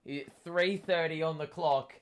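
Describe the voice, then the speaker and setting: A young man, hoarse from shouting, gives a live fan commentary of a football match, swearing and yelling at the play. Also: on the high side, measured pace. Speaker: watchalong host.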